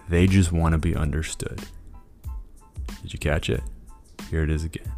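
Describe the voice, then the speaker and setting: A man's voice: extremely low pitch, steady tone, normal speed, gravelly, long pauses, warm tone, faint music behind. A man hosting a motivational podcast monologue, enthusiastic and freely profane. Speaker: podcast host.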